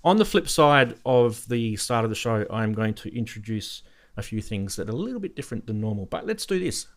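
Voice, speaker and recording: A man's voice: fairly low pitch, sing-song, fairly quick. A man hosting a live synthesizer stream, chatting casually and laughing often as he greets viewers in the chat. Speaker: host of a live synthesizer show.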